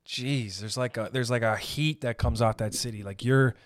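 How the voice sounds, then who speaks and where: A man hosting a podcast, ranting in a rambling, profane, comedic way and slipping into quick character voices. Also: mid-range voice, steady tone, no echo, clean studio sound. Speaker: podcast host. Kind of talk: casual comedic rant.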